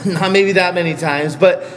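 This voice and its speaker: A man's voice: high voice, steady tone, a little slow, a little hiss or hum. Blunt, foul-mouthed man coaching lifters. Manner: blunt, heavily profane, scolding. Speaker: powerlifting coach. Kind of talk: casual vlog rant.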